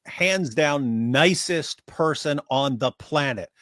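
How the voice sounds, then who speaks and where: A man's voice: on the high side, animated, slow pace, fairly bright tone, dry recording, clean studio sound. A man co-hosting a casual reaction stream, arguing emphatically with frequent restarts. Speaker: stream co-host.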